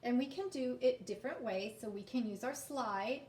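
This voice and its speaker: A woman's voice: a little high, brisk, a little mellow, echoey room. A woman teacher reading to young children and sounding out letters in a sing-song phonics lesson.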